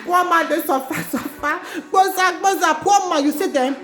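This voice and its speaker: A woman's voice: extremely high pitch, moderate pace, a bit bright. A Nigerian woman living in Italy, ranting angrily and chanting slogans over and over in a protest vlog. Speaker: vlogger. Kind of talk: angry protest rant. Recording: echoey room with music playing.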